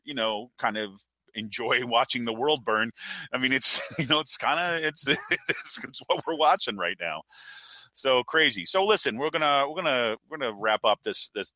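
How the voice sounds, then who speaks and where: A man's voice: mid-range voice, pushed and bright, no room sound. A man hosting a casual political chat, rambling and laughing as he talks. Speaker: podcast host.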